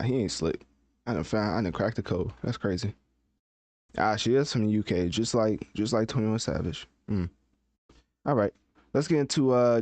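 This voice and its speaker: A man's voice: lowish voice, darkish tone, no room sound. A man hosting a casual live-stream podcast, chatting and thinking aloud as he looks things up. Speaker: podcast host.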